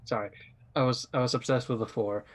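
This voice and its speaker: A man's voice: mid-range voice, steady tone, brisk. A man playing a tabletop game, describing his character's actions in a loose, filler-heavy way. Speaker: player. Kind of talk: casual tabletop game play.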